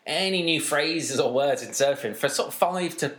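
A man's voice: a little high, moderate pace, fairly bright tone, reverberant. A man co-hosting a podcast, chatting casually and mimicking voices as he tells stories. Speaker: podcast co-host. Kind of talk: casual chat.

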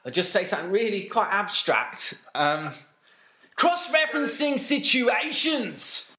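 A chatty man co-hosting a casual podcast, his voice sitting a little high. He tells stories and mimics the people in them as he goes. The room adds a noticeable echo around him. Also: lively intonation, moderate pace, bright, forceful tone. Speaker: podcast co-host. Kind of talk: casual chat.

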